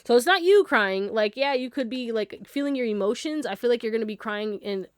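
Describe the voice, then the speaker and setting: A woman's voice: fairly high pitch, lively intonation, fairly quick, dry recording, studio quality. A woman giving a casual tarot card reading, chatty and laughing often as she talks straight to her viewers. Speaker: tarot reader.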